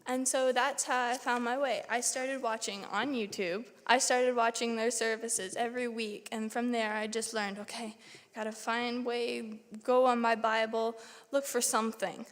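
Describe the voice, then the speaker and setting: Young woman's lively testimony in reverberant church. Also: a little high, normal speed. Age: young adult. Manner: lively storytelling, acting out her own reactions. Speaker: church member giving testimony. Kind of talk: personal testimony. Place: church sanctuary. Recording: long church hall reverb.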